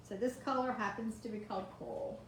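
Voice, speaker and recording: A woman's voice: a little high, steady tone, a little fast, slight background noise. A woman chatting through a live craft demonstration, greeting viewers by name from her home kitchen. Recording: echoey kitchen, faint ambience.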